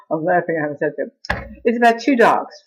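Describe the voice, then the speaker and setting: A woman's voice: mid-range voice, slightly rough, dull audio. A middle-aged woman vlogging in a casual chat to camera, laughing at her own jokes as she talks.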